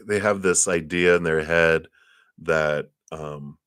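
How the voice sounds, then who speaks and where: A man's voice: extremely low pitch, fairly even intonation, slow, fairly bright tone, clear, resonant tone, no echo, studio quality. A man doing a live tarot reading for a viewer, talking in a loose, encouraging way full of fillers and restarts. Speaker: tarot reader.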